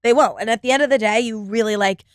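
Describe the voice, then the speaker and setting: A woman's voice: a little high, quick pace, dry recording, clean studio sound. A young woman hosting her own podcast, talking alone in a blunt, profane, rambling way with constant fillers. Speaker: podcast host. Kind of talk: casual solo podcast monologue.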